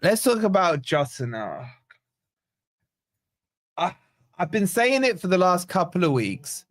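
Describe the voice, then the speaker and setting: A man with a fairly high voice hosts a football reaction stream. He sounds exasperated and sarcastic, rambling through ratings. The sound is dry and close, with no room around it. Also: fairly bright tone, no room sound. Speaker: fan channel host. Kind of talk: post-match reaction livestream.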